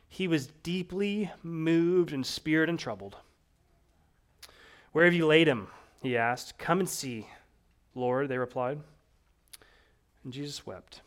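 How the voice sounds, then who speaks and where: A man preaching a sermon, praying first and then explaining a scripture passage in an earnest manner, repeating key phrases. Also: on the high side. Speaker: pastor.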